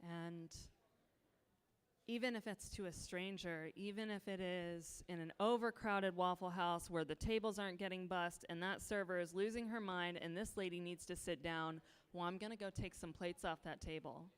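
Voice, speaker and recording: A woman's voice: lowish voice, fairly even intonation, normal speed, smooth. A woman facilitating a sharing circle, speaking in a heartfelt, rhythmic way and inviting others to speak.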